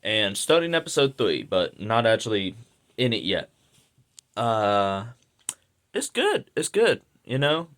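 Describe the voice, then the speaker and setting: Hoarse casual man rambling a review. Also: on the low side, very animated, takes it slowly, pauses often, a bit bright. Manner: rambling, filler-heavy, casual slang. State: hoarse, a little sick. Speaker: video reviewer. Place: indoors at home.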